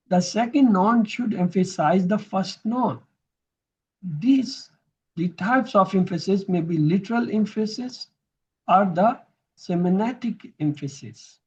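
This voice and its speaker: Slow, husky-voiced male teacher. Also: high voice, a little mellow, dull audio. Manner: patient, repeats terms to drill them. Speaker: Arabic grammar teacher. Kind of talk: recorded lesson explanation.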